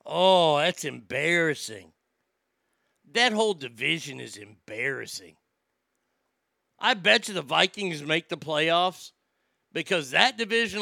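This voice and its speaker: A man's voice: on the high side, expressive, moderate pace, creaky, bright, forceful tone, dry recording, studio quality. A man ranting casually about weekend football scores, brash and sarcastic, swearing freely. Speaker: sports talk host. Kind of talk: casual sports rant.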